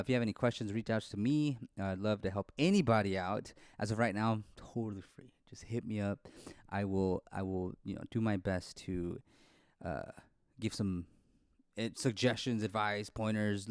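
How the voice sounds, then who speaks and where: A man hosting his own podcast, talking loosely and off the cuff, full of restarts and "like"s. His voice sits a little low. The sound is dry and close, with no room echo. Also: a little mellow, clean tone. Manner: rambling, many restarts and "like" fillers. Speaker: podcast host. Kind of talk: casual solo podcast talk.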